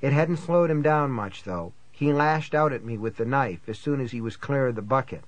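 A man's voice: mid-range voice, dry recording. Man narrating a tense thriller. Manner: tense, measured storytelling. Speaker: audiobook narrator. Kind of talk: first-person thriller narration.

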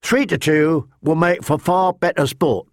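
A man's voice: fairly high pitch, dry recording, clean studio sound, voice pushed up. A man voicing a small, cheerful young recruit in an audiobook. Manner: cheerful, quick-witted.

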